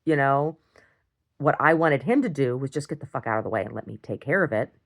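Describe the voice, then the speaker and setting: A woman recording a casual video diary, rambling through an animated story and acting out what others said. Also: extremely low pitch, fairly quick. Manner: rambling, animated retelling with acted-out quotes. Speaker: video diarist.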